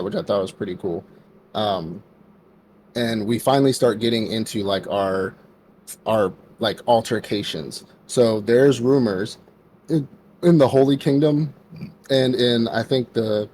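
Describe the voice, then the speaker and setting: A man with a fairly low voice co-hosts a casual podcast, retelling an anime episode in a loose, rambling way. He slips into quick voices for the characters and fills his talk with "like". A faint hiss sits under the recording. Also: darkish tone. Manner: rambling storyteller, acts out characters' lines, lots of "like". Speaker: podcast co-host. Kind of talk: casual anime recap chat.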